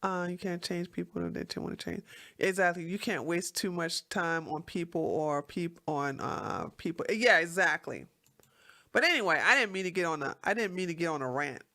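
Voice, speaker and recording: A woman's voice: fairly low pitch, animated, moderate pace, bright, forceful tone. Heated, swearing woman livestream host. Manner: blunt, swearing, heated and emphatic; reads viewer comments aloud. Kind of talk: profane livestream rant.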